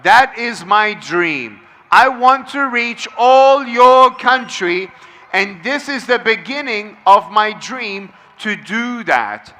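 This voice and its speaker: A man's voice: high-pitched, animated, takes it slowly, pushed and bright. A man speaking as a motivational speaker to a large crowd at an outdoor event, emphatic and repeating phrases for the crowd to echo. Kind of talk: addressing a large crowd, call-and-response.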